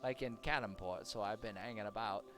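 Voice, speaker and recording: A man's voice: fairly low pitch, brisk, close to an everyday voice. A man voicing a boastful, talkative halfling rogue, his accent wavering between British, Irish and Australian. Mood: cocky. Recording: game music behind.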